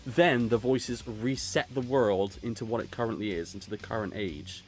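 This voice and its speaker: A man's voice: fairly low pitch, moderate pace, faint music behind. A man from Gloucester, streaming and chatting in a sweary, rambling way. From England, Gloucester. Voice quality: sweary, rambling, laughs often. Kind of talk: casual chat while drawing.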